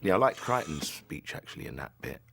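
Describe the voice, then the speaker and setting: A man in an interview recalling a role in a relaxed, hesitant way. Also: a bass voice, brisk, slight background noise. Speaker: actor interviewee. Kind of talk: interview reminiscing.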